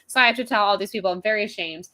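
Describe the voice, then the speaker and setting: A woman co-hosting a podcast, telling a story in a lively, casual way and swearing freely. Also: medium pitch, very fast. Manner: animated, profane, self-mocking storyteller. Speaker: podcast co-host.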